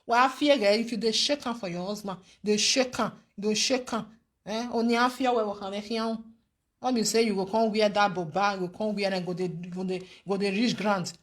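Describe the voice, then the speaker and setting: A young adult woman with a Nigerian accent, giving animated, preachy advice to her viewers and often stopping to ask "eh?". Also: mid-range voice, moderate pace. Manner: animated and preachy, with frequent rhetorical "eh?". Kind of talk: casual commentary to viewers.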